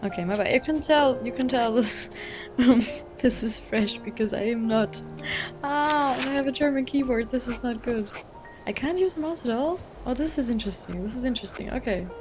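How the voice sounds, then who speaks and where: A young woman with a hoarse, slightly high voice talks through a video game. She rambles excitedly, full of fillers. Game music plays clearly behind her. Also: normal speed. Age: young adult. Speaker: gaming channel host. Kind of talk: let's play commentary.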